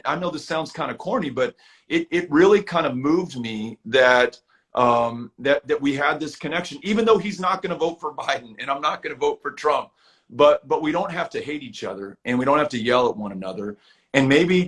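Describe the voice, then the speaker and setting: A man's voice: mid-range voice, fairly bright tone. A man talking as a guest in a casual live video chat, earnest and reflective, often repeating words as he restarts.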